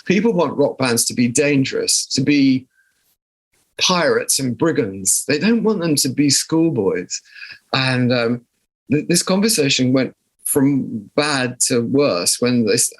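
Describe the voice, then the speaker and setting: This older guest musician, a southern Englishman with a southern English accent, has an expressive, mid-range voice and an unhurried pace. Reflective in a conversational interview, he tells stories and often restarts his sentences.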